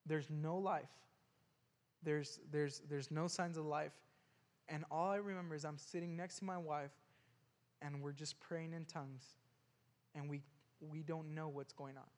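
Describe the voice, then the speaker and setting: A man telling a personal story earnestly, haltingly, with frequent restarts and repeated words. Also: a little high, fairly even intonation, big-room sound.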